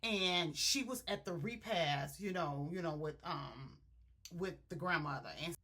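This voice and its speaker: A woman giving a casual book review, retelling a scene in an animated way and quoting the characters at length, laughing now and then. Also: lowish voice, measured pace. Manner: laughs often while retelling.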